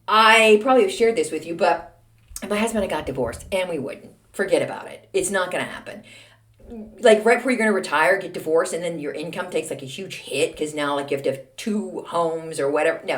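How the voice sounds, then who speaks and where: A woman's voice: fairly low pitch, fairly bright tone. A woman in her sixties from Texas, hosting a podcast with a chatty, self-mocking, ranting monologue. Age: 60s. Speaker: podcast host. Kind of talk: casual monologue.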